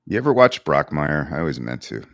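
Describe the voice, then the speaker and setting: A man's voice: extremely low pitch, very animated, fairly quick, gravelly. A man co-hosting a podcast, chatting casually and throwing in dry jokes. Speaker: podcast co-host. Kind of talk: casual chat.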